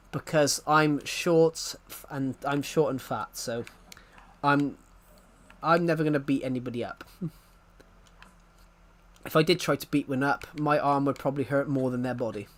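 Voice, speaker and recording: A young man chatting casually on a live stream, rambling and self-deprecating, often laughing and restarting his sentences. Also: fairly high pitch.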